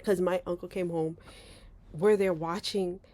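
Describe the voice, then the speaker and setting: A young woman vlogger telling a story casually, animated and laughing, acting out voices with big jumps. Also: on the low side, measured pace.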